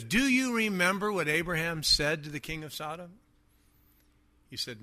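A man preaching a sermon, emphatic and repetitive, often dropping to quiet asides. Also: a little high, big pitch swings, normal speed, long pauses. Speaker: pastor.

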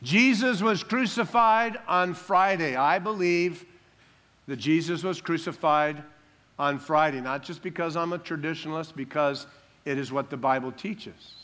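Male pastor, emphatic sermon delivery, bright and forceful tone. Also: on the high side, measured pace. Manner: emphatic preaching, calls for amens, drops soft on solemn lines.

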